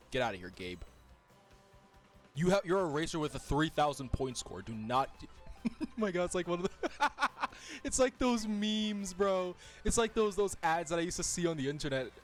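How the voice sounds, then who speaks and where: Animated male gaming streamer, raised voice, lively casual banter, faint game music underneath. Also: high voice. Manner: animated, laughs often, jokey chatter with viewers.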